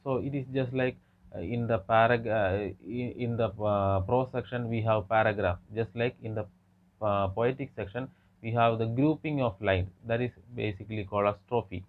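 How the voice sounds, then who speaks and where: Male lecturer with a lowish voice, halting delivery full of pauses and restarts, tinny phone-quality sound. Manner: halting, frequent hesitations and restarts. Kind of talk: academic lecture.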